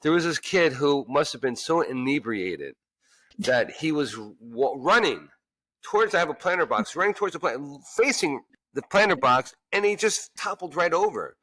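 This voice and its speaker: A man, a restaurant chef-owner, telling lively stories in an interview and acting out what people said. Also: a little high, normal speed, dry recording. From Queens, New York. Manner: animated storyteller who acts out quoted voices. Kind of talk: casual storytelling interview.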